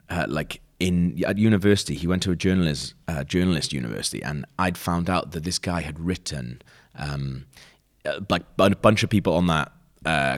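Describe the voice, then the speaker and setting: A young man hosting a podcast, telling a rambling, sweary story in a laid-back, casual way. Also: low voice. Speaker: podcast host.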